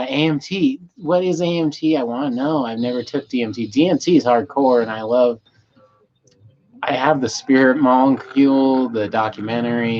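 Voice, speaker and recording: A man's voice: mid-range voice, a little hiss or hum. A man hosting a casual livestream from home, rambling in a laid-back way and reading viewers' chat aloud. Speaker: livestream host. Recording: slightly muffled, faint music behind.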